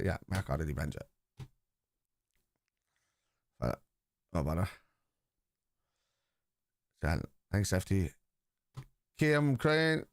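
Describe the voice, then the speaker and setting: A man's voice: lowish voice, no room sound, clean studio sound. A man from Liverpool in casual live-stream chat, rambling and teasing commenters as he reads out messages during a football watchalong.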